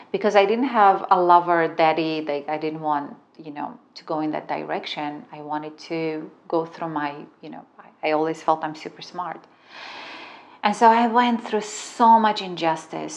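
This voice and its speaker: Dramatic storytelling woman, low pitch. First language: not English. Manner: dramatic, swears freely. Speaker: relationship coach. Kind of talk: storytelling talk.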